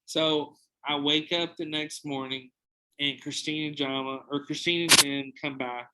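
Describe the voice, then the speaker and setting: Fairly high-voiced young man telling a wild story. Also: fairly even intonation, a little slow, very noisy. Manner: profane, rambling anecdote with many restarts. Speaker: podcast host. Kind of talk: casual storytelling.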